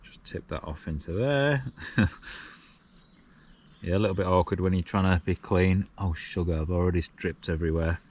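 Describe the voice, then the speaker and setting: A man's voice: low voice, moderate pace, long pauses, a little mellow. A Yorkshire man vlogging casually from inside a small tent while wild camping, chatty and self-mocking with frequent chuckles. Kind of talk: casual camping vlog chat.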